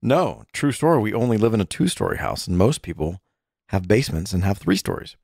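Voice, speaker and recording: A man's voice: lowish voice, very animated, a little fast, creaky, a little mellow, no room sound, studio quality. A man in his thirties co-hosting a podcast in casual chat with his wife, teasing and playful. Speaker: podcast co-host. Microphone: studio mic with headphones.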